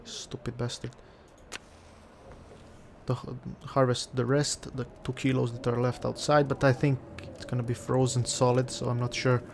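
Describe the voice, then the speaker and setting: A man's voice: medium pitch, level tone, normal speed, a little hiss or hum. A man casually commenting on his own survival game as he plays, muttering to himself and talking to the game. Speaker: let's play gamer.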